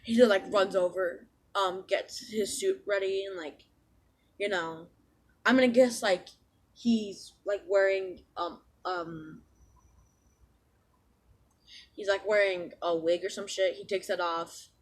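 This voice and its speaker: A woman's voice: mid-range voice, fairly even intonation, measured pace. A woman casually retelling a fan story, rambling with lots of restarts.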